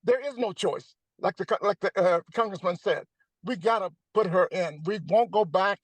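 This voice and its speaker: A man's voice: sits high, moderate pace, no echo, poor audio. An older man, a comedian from Atlanta talking emphatically and joking on a video call. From Atlanta, United States. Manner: emphatic, joking, preacher-like cadence. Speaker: comedian guest. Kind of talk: animated comedic chat.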